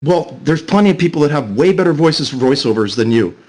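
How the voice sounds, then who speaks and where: A man's voice: a little high, expressive, a little fast, darkish tone. A man from New Jersey ranting angrily and profanely at people over voice chat. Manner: angry, profane, berating. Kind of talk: voice chat rant.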